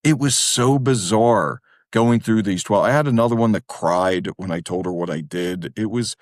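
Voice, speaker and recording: A middle-aged man from Wilmington, speaking as a therapist guest and telling animated stories in casual chat. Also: fairly low pitch, normal speed, dry recording, clean studio sound. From Wilmington, Delaware. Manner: animated, self-deprecating, jumps into quoted voices. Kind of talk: casual storytelling in a podcast interview.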